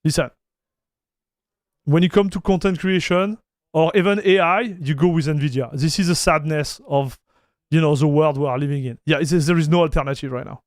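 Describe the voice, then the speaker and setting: A man, hosting a casual livestream chat, animated and stammering, calling his viewers bro and dude. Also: fairly high pitch, normal speed, dry recording, clean studio sound. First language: French. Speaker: livestream host.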